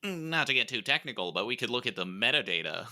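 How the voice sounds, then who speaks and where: Bright-voiced joking male podcast host. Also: medium pitch, sing-song, fast talker. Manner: joking, playful, trailing fillers. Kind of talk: casual chat.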